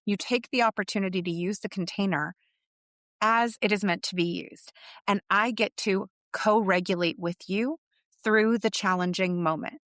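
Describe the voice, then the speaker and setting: A middle-aged woman, a business coach, telling a story in a podcast monologue and acting out her clients' inner voices with animated shifts. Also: medium pitch, normal speed, no echo, clean studio sound.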